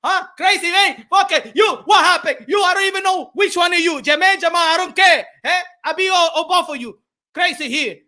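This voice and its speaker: Man putting on a cocky boxer, Dominican Spanish accent, broken English, high-pitched, loud taunts. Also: a little fast, exaggerated voice. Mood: taunting. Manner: taunting, shouting, mocking. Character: brash trash-talking male boxer, cocky, taunting.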